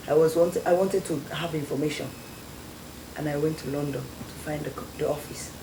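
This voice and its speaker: A woman's voice: low-pitched, steady tone, fairly quick, a little mellow. A young Sierra Leonean woman telling her story as a guest, acting out the voices of people she quotes. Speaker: guest, former beauty queen. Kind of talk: storytelling interview. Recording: echoey studio with faint noise.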